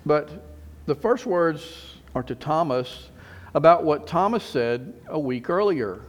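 A man's voice: on the high side, expressive, takes it slowly. A middle-aged man preaching a sermon in a conversational way, repeating phrases and rising for emphasis.

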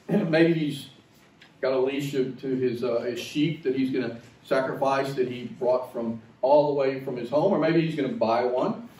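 A man's voice: medium pitch, warm tone, echoey room, far from the mic, low-quality recording. A male pastor preaching a sermon in a conversational, illustrative way, with asides to the congregation.

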